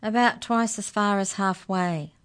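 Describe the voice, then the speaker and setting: A woman's voice: medium pitch, measured pace, clean tone, pitched above the performer's own voice, lightly acted. A woman reading a children's story, voicing a sly, cheerful mouse who is secretly the Tooth Fairy and teases the others knowingly. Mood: teasing. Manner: cheerful, teasing, knowingly smug.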